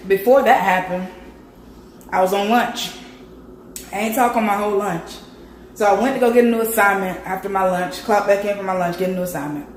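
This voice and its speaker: A woman vlogger with a raspy, hoarse voice from a sore throat, chatting straight to her viewers. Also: mid-range voice, echoey room, a little hiss or hum. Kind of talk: casual vlog chat.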